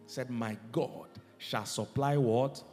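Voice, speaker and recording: A man preaching a sermon as pastor, moving between loud shouted decrees and quiet, low lines. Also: slow. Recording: reverberant hall, faint music behind.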